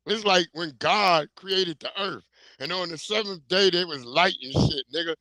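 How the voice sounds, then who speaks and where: A man's voice: sits high, moderate pace, bright, forceful tone, no echo. A middle-aged man hosting a casual livestream, rambling through comic stories with lots of swearing and laughter. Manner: rambling comic storytelling, profane, laughing often. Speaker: livestream host.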